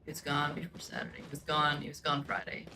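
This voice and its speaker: Blunt low-voiced young woman telling a story. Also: completely flat delivery, fast talker, background noise. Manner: blunt, profane, fills speech with "like". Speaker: gaming streamer. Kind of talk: casual storytime chat.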